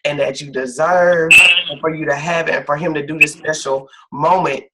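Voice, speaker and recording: A man's voice: on the high side, fairly even intonation, normal speed, rough recording. A man working as a life coach, giving emphatic support in a talk and repeating phrases for stress. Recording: loud background noise with clicks.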